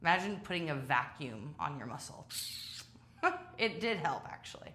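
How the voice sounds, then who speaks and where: A woman's voice: sits low, very animated, moderate pace, a bit bright, a little hiss or hum. A woman leading a home workout class, chatty and self-deprecating, tired from exercising as she talks. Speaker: fitness instructor. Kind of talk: live workout coaching.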